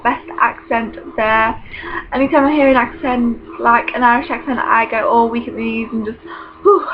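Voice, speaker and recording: A woman chatting to camera in a rambling, self-correcting way. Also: on the high side. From United Kingdom. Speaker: vlogger. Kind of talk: casual chat to camera. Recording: dull lo-fi recording with faint noise.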